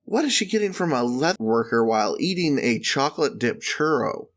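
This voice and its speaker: A man's voice: mid-range voice, big pitch swings, fairly quick, fairly bright tone. A man co-hosting a casual comedy podcast, riffing with silly, exaggerated jokes. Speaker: podcast co-host.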